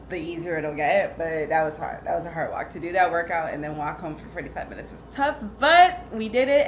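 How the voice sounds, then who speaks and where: A woman's voice: mid-range voice, poor audio. A woman vlogging casually to camera outdoors, chatty and upbeat, often addressing viewers as y'all. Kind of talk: casual vlog chat to camera. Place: outdoors on the street and on a rooftop. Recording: loud street noise behind.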